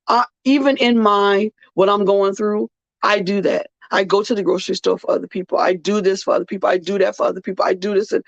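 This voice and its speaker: A tired, earnest podcast host delivers a personal, heartfelt monologue, repeating phrases for weight. The voice is mid-range with fairly even intonation, a quick pace, and vocal fry, in a dull, muffled, dry recording with no echo.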